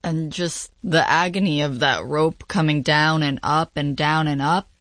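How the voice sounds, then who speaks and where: Interviewer with a mid-pitched voice. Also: steady tone, a little slow, a bit bright. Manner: prompting, recaps the story. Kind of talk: interview questions.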